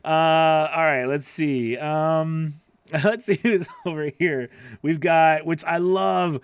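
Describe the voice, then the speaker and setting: A man's voice: fairly high pitch, fairly even intonation, takes it slowly, clean tone. A man coaching voice actors on a live stream, playful, laughing often and acting out silly quotes. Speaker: voice-over coach.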